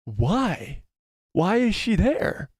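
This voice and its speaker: A man's voice: high-pitched, sing-song, extremely slow, a little mellow, slightly rough, no room sound, studio quality. A man hosting a live watch party, reacting in stunned disbelief, stammering and repeating himself between yelps and mutters. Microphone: headphones and desk mic.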